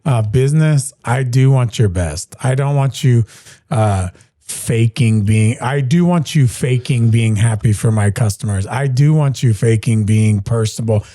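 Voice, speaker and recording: A man hosting a business interview podcast, talking in a relaxed, agreeable way and backing his guest with short replies. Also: medium pitch, unhurried, no echo, clean studio sound. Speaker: podcast host. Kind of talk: casual interview chat.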